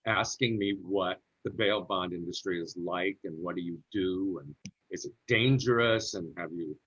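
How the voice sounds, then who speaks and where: A low-voiced middle-aged man spins a relaxed, chatty anecdote about his acting career during an interview. The recording sounds a little muffled and lo-fi. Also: normal speed. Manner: chatty anecdotal storyteller who slips into character voices for quotes. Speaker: actor telling a career story.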